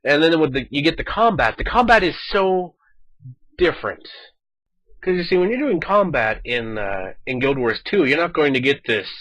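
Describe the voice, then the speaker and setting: A man chatting casually over his gameplay footage, animated and talkative, acting out quoted lines as he goes. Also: a little high, normal speed, no echo, low-quality recording. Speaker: gaming video host.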